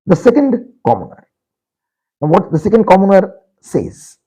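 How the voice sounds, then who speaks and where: A man teaching a literature lesson, slowly repeating and explaining each word and addressing his students directly. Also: sits high, big pitch swings, dark tone, breathy edge, dull audio. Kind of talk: explanatory lecture.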